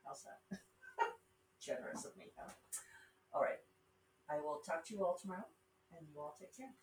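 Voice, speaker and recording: A woman's voice: sits low, moderate pace, a little mellow, a little hiss or hum. A middle-aged woman with a Rocky Mountain accent hosting a podcast, talking in a casual, rambling way with wry asides. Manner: chatty, digressive, wry asides. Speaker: podcast host and self-published author. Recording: roomy sound from a distance with faint ambience.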